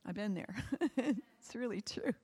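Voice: medium pitch, unhurried, darkish tone, breathy edge, in a large hall. A preacher delivering a sermon that closes in prayer, with fervent, repetitive exhortation.

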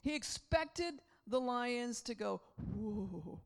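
A middle-aged woman delivers a sermon with a slightly high voice. She is animated and laughs often, acting out the voices in her stories. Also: normal speed. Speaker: preacher.

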